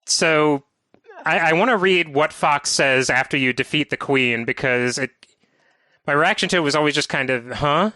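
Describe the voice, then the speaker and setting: A man's voice: fairly high pitch, normal speed, bright, forceful tone, no echo. A man hosting a podcast in casual chat, walking through a video game in careful detail. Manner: detailed, methodical game walkthrough talk. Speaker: podcast host.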